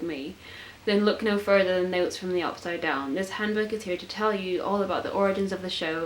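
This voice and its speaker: Woman, 19, book vlogger; chatty, gushy, lower-pitched, slight tape hiss. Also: poor audio. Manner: chatty and gushing, with filler words and self-mocking asides. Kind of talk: casual chat. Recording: faint hiss.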